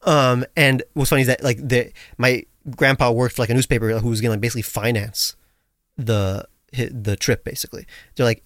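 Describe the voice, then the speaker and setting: A young man co-hosting a podcast, telling stories in a rambling, animated way with lots of restarts. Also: mid-range voice, fairly quick, dry recording, clean studio sound. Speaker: podcast co-host. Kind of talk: casual chat.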